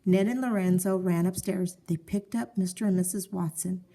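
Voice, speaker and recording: A woman calmly narrating a children's story, reading it aloud. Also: fairly low pitch, moderate pace.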